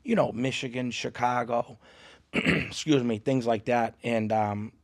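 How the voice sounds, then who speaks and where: A man with a thick Boston accent, a comedian guest chatting on a studio podcast, animated and quick to laugh. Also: mid-range voice. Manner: animated, quick to laugh, talks over others. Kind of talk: casual podcast chat.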